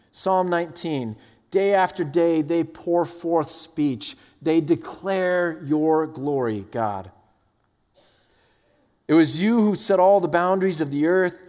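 A man preaching a sermon, earnest, with passages that rise from hushed to fervent. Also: on the high side. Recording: long hall reverb.

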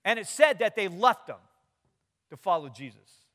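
A man's voice: sits high, very animated, moderate pace, a bit bright. A middle-aged man preaching a sermon, telling stories with quoted dialogue and light humor. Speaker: pastor.

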